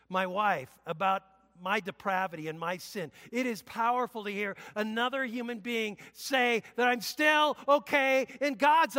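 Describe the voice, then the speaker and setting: Male pastor, conversational preacher with loud bursts; tense, forceful tone, long hall echo. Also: sits high. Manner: emphatic, conversational preaching with sudden loud exclamations. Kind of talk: sermon. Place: church sanctuary.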